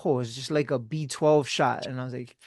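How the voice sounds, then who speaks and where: A man's voice: mid-range voice, fairly even intonation, fairly quick, darkish tone, dry recording, clean studio sound. A man hosting a podcast, laid-back and encouraging, with casual slang. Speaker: podcast host.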